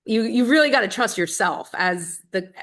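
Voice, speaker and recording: A woman's voice: medium pitch, lively intonation, moderate pace, fairly bright tone. A woman interviewing a filmmaker, reacting briefly and asking follow-up questions. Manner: reacts with short affirmations, asks follow-ups. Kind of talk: interview conversation.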